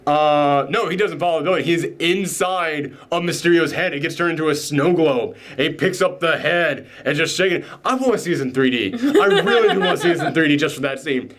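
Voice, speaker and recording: A man casually recapping a film scene by scene, rambling with enthusiasm and acting out bits in quick voices. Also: a little high, a bit bright. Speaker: podcast host. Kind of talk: casual movie reaction chat.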